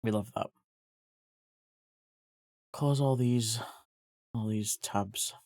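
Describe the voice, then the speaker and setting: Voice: mid-range voice, very slow, dry recording. Chatty streamer with a dry close sound. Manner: chatty, swears casually, bursts into excited yelps. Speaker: livestreamer. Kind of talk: casual chat while drawing.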